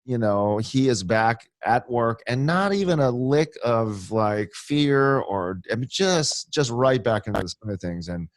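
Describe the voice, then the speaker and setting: A man's voice: medium pitch, animated, unhurried, hardly any pauses, dry recording. A man from Hawaii, hosting a casual chat and rambling and teasing with many restarts. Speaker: podcast host.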